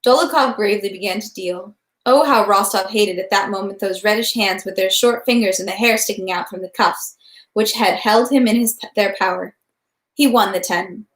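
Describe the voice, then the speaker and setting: A woman reading a novel aloud, steady with small slips and restarts. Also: mid-range voice, moderate pace, roomy sound. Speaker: reader of a novel. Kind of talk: read-aloud narration.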